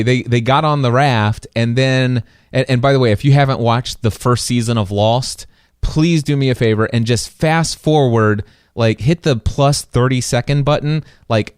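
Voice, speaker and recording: A man hosting a podcast, telling a story in an animated, excitable way with many restarts. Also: medium pitch, no room sound, studio quality. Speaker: podcast host. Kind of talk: casual storytelling chat.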